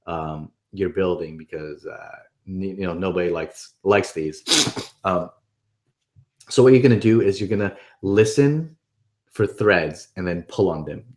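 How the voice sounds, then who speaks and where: A man's voice: sits low, unhurried. A man presenting a webinar in a casual, upbeat way, often checking in with the listener. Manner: upbeat, conversational, keeps checking in with "right?". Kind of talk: casual instructional talk.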